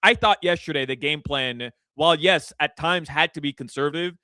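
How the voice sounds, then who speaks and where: A male sports radio co-host with a bright, sharp voice, talking in a hyped, emphatic way. The sound is dry and close to the mic. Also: fairly high pitch, brisk, smooth, no room sound.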